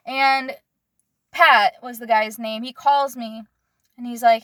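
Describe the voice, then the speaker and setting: A woman's voice: fairly high pitch, steady tone, a bit bright, no echo, studio quality. Earnest young woman telling a personal story. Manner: earnest, halting, searching for words.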